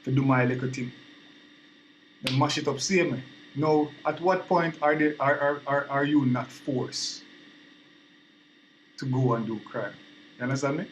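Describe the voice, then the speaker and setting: A man's voice: a little high, steady tone, unhurried, long pauses, a little hiss or hum, poor audio. Earnest Jamaican man giving his opinion. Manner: earnest, repetitive, asks "you understand me?". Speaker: vlogger. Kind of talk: casual opinion monologue.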